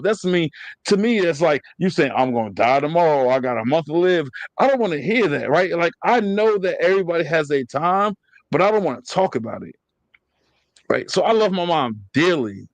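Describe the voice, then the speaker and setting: A man with a high, lively voice pours out his feelings in a candid podcast chat. He swears freely and jumps in over the others. The sound is close and dry. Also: dry recording. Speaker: podcast co-host.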